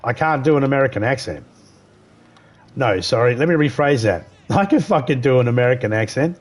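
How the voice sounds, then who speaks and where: A man's voice: medium pitch, animated, brisk. A man live streaming a game, chatting casually in a rambling, profane way that circles back over his points. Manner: rambling, profane, repeats himself. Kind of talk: casual chat while gaming.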